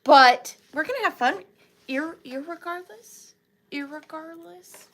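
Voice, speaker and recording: A woman's voice: sits high, unhurried, fairly bright tone. A young woman with a Southern US accent, sleepy, hosting a chatty live vintage sale from a chair at home and cooing at her pet rabbit in sing-song baby talk. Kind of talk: chatty live stream greeting viewers. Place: home room, seated in a chair.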